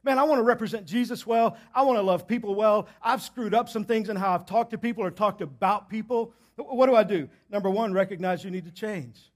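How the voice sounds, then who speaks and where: A male pastor preaching a sermon in a church, emphatic and repeating his key points, swinging between loud and hushed delivery. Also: sits high, fairly quick, hardly any pauses.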